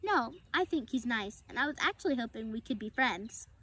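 A woman's voice: fairly high pitch, lively intonation, fairly quick, sharp tone, husky, exaggerated voice. A woman voicing an earnest, anxious young male fawn in a storybook reading.

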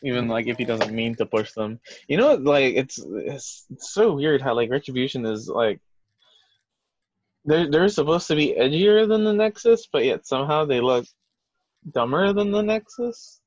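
A man's voice: mid-range voice, animated, moderate pace, a little mellow, no room sound, highs cut off. A man co-hosting a wrestling podcast, rambling through casual chat with lots of fillers and restarts. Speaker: podcast co-host.

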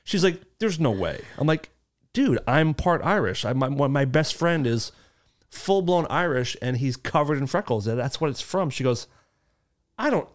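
A man's voice: fairly high pitch, lively intonation, unhurried. A man in his thirties hosting a casual podcast chat, telling crude funny stories and laughing along. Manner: crude joking storyteller, laughs often.

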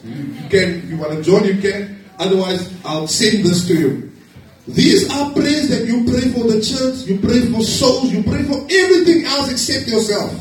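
A man preaching a sermon to his congregation, lively and joking with them. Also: sits high. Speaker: pastor. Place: church hall. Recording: echoey hall, distant mic.

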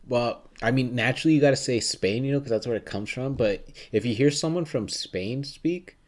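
A man's voice: medium pitch, brisk, darkish tone. A man chatting and joking with friends in casual podcast banter. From Mexican heritage. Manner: joking, does mock accents, laughs often.

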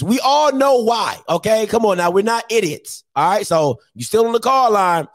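A man hosting a sports call-in show, talking emphatically, repeating himself and sometimes shouting. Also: very high voice, animated, normal speed. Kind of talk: animated call-in show banter.

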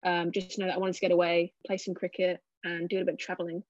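A woman's voice: lowish voice, monotone, fast, dry recording, muffled recording. A woman in her twenties from England, chatting casually as an interview guest, with plenty of fillers and a self-deprecating way of telling it. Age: 20s. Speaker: cricketer guest.

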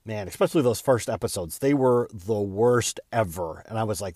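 A man's voice: lowish voice, animated, moderate pace, darkish tone, no echo, clean studio sound. A man hosting his own podcast, telling a personal story in an earnest, candid way with small stumbles and repeats. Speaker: podcast host.

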